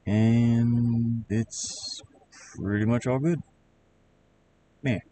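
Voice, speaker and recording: A man with a Southern accent chatting casually on a live stream while he builds a game, rambling in halting, self-correcting bits. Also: medium pitch, fairly even intonation, mellow, slight background noise. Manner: rambling, halting, restarts words.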